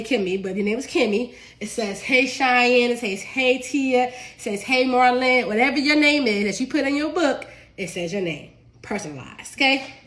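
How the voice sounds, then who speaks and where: A woman's voice: fairly high pitch, fairly bright tone. A woman with a cold, sniffling as she cooks live and chats casually with her viewers, laughing easily. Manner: chatty, addresses viewers as y'all, laughs easily. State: sick and sniffly. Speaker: home cook and cookbook author. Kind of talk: casual live cooking stream.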